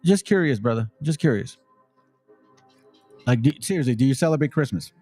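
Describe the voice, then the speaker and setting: A man's voice: medium pitch, lively intonation, fairly quick, a little mellow, faint music behind. A man hosting a channel, giving blunt, preachy commentary on video clips, swearing freely and reading scripture aloud in a stately cadence.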